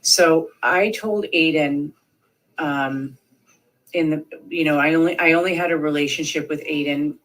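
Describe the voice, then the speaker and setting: In a deep, slightly bright voice at a measured pace, a woman in her thirties describes past events to an interviewer over a rough recording. She meanders and uses plenty of fillers, putting on voices for anyone she quotes.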